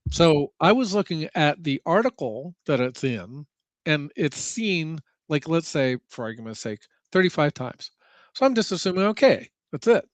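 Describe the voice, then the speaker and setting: A man with a somewhat raised pitch talking casually on a podcast. He works through his explanation step by step, in plain conversational language. The recording is dry, with no room sound. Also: sing-song, moderate pace, no echo. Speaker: podcast co-host. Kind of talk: casual chat.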